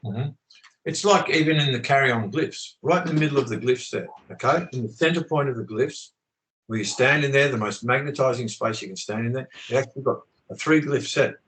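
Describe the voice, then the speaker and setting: Forceful, swearing man on a video call. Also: mid-range voice, fairly quick, a little hiss or hum, poor audio. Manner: swears often, forceful, preachy. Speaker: channel host. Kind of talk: impassioned conversational rant.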